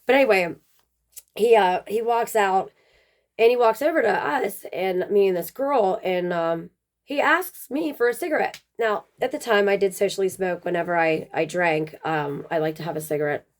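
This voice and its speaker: A woman's voice: mid-range voice, moderate pace. A woman casually telling a personal story, rambling with plenty of "um" and "like" fillers.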